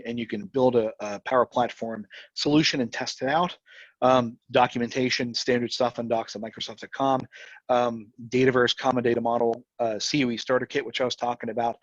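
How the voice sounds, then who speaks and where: A man presenting a live software demo, talking fast and rambling, with frequent restarts. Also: mid-range voice, no room sound, highs cut off.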